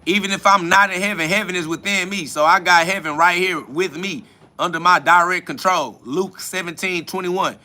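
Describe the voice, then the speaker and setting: A man with a bright, fairly high voice delivers a combative spiritual rant. He is mocking and profane, firing back at listener comments. His tone is sharp and forceful throughout. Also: steady tone, a little fast, faint music behind. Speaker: podcast host answering comments.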